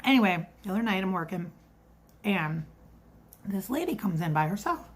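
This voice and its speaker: In a casual vlog, a woman in her thirties or forties who works as a restaurant server tells a story in a mid-range, expressive, slightly rough voice at normal speed. She's chatty and rambling, full of asides, and acts out the voices she quotes.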